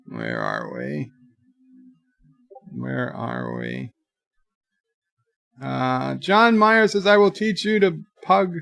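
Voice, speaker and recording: A man hosting a casual livestream, reading chat messages aloud with dry, jokey replies. His voice is gravelly, a little high, and he takes his time. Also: big pitch swings, slow pace, fairly bright tone, soft background music. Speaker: livestream host.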